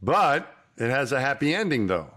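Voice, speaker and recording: A man's voice: mid-range voice, very animated, normal speed, fairly bright tone. A man in casual podcast chat, mostly chiming in with short agreeing replies to his co-host. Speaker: podcast co-host, former astronaut.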